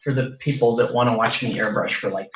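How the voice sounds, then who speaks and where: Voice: medium pitch, quick pace. A streamer in playful, casual chat while airbrushing on stream. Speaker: miniature painting streamer. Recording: distant, roomy, noisy mic.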